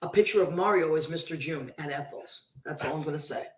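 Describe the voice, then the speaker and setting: A woman hosting a radio show, chatting casually and effusively as she gives listeners shout-outs. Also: low-pitched, fairly quick, echoey room.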